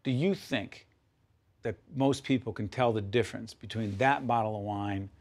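A man's voice: fairly low pitch, normal speed. A middle-aged man hosting a TV interview, enthusiastic and playful, often jumping in. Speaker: TV interview host.

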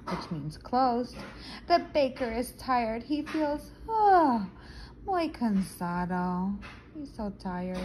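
Woman, children's storyteller, lively sing-song reading, slow unhurried pace, explains words to kids. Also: a little high, slight background noise, low-quality recording. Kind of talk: children's picture-book read-aloud.

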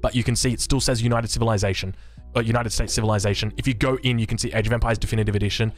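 A young Australian man hosting a casual, excitable live reaction to game news, rambling and joking. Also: fairly low pitch, rapid-fire, faint music behind. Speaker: gaming YouTuber.

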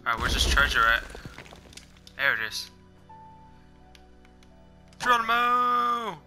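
Young male gaming host, bright and upbeat, casual play-by-play with squeaky sound effects, soft music underneath. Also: normal speed. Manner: excitable, makes high-pitched "pew pew" gun noises. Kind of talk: casual gameplay commentary. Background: game music.

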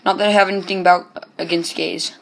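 A man's voice: high voice, flat delivery, fast talker, creaky, a bit bright, a little hiss or hum. A man giving casual gameplay commentary as host of his own channel, hesitant and full of ums, joking as he goes. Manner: hesitant, many ums and restarts; chatty and joking.

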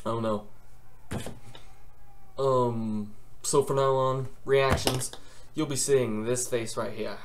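A man's voice: mid-range voice, steady tone, takes it slowly, pauses often, noisy background. A young man on a gaming channel, vlogging in a rambling, joking rant full of swearing and exaggeration.

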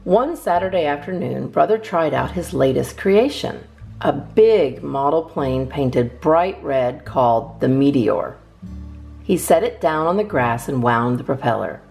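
A woman narrating a children's storybook aloud in a lively, expressive way. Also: deep voice, a little slow, vocal fry, faint music behind.

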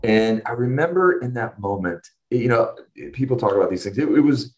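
A middle-aged man, an interview guest, giving a personal testimony in earnest storytelling with restarts and emotional pauses. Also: mid-range voice, expressive, poor audio.

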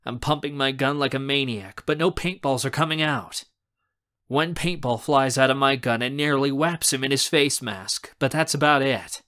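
A man narrating a young adult novel in the first person, expressive and acting out the scenes. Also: medium pitch, normal speed. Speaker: audiobook narrator.

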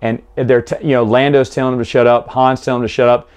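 A man's voice: medium pitch, little pitch movement, quick pace, darkish tone, clean tone. A man hosting a casual book recap, talking with enthusiasm and rambling through restarts. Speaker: book review host.

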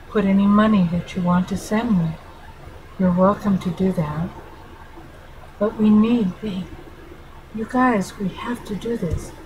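A woman's voice: medium pitch, background noise. A middle-aged woman, a family therapist, speaking earnestly and affectionately straight to her viewers in a heartfelt vlog. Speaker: family therapist and channel host. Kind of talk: heartfelt direct-to-camera vlog.

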